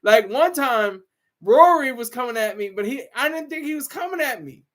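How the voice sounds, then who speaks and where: High-pitched man, show regular, casual rambling chat with restarts. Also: animated, moderate pace, fairly bright tone. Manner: rambling, frequent restarts and laughs.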